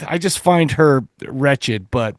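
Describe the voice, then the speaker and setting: A man's voice: medium pitch, lively intonation, slow, no echo. Slangy man on a dry mic. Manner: slangy, laughs along often. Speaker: podcast co-host. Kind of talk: casual podcast chat.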